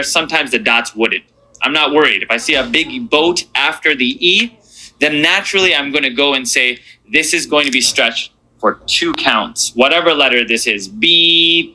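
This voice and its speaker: Bright-voiced man teaching letter sounds. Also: fairly high pitch, low-quality recording. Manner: encouraging, drills sounds slowly letter by letter. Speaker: Quran reading teacher. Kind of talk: beginner reading lesson.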